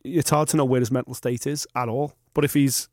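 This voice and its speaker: Man, podcast co-host, enthusiastic, opinionated, middle pitch, dead dry sound. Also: steady tone, a little fast, darkish tone, no room sound. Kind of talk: casual chat.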